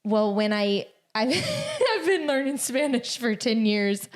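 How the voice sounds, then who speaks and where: A woman with a Southern US accent, from Georgia, co-hosts a relaxed podcast conversation. Her voice sits a little high. She is chatty and laughs easily as she talks. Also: takes it slowly. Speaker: podcast co-host. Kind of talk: casual conversation.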